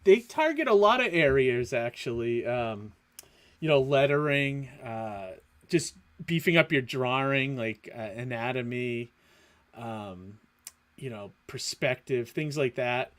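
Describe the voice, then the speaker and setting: A man, a comic artist guest on a livestream, answering in a relaxed, halting way and laughing often. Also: medium pitch. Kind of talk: casual interview.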